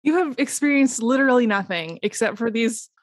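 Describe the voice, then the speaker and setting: A woman's voice: fairly high pitch, lively intonation, brisk, no echo, clean studio sound. Giggly, wry woman podcast host. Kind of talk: casual podcast chat.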